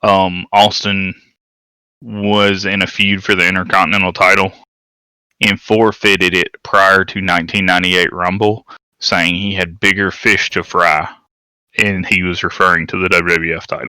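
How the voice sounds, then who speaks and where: A man's voice: low voice, level tone, normal speed, sharp tone, clear, resonant tone, dry recording, low-quality recording. A man co-hosting a podcast, casually correcting details and filling in background, with many restarts. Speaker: podcast co-host. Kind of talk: casual chat about wrestling history.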